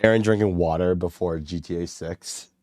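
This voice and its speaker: A man's voice: deep voice, fairly even intonation, normal speed, a little mellow, dry recording, clean studio sound. A male streamer chatting casually while gaming, giggling often and rambling with lots of fillers. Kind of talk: casual livestream chat.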